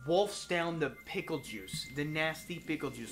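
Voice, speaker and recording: A young man co-hosting a gaming show, ranting loudly with a lot of swearing and mock outrage. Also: a little high, moderate pace, few pauses, faint music behind. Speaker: co-host. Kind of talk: casual gaming banter.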